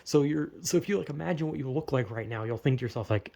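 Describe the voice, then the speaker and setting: Gravelly young man rambling casually. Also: mid-range voice, expressive, quick pace, warm tone. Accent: slight Southern US. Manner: rambling, heavy "like" fillers, swears casually, laughs at himself. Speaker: podcaster musing solo.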